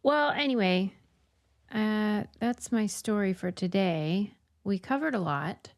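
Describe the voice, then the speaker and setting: A woman co-hosting a podcast in casual chat, chatty and quick to laugh. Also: mid-range voice, expressive. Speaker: podcast co-host.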